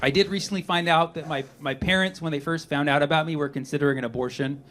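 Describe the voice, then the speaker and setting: A man doing a stand-up comedy set on stage, animated and sarcastic, now and then putting on voices for the people in his stories. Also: fairly high pitch, quick pace. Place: comedy club stage before a live audience. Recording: live club audio with audience laughter and noise. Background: audience laughing.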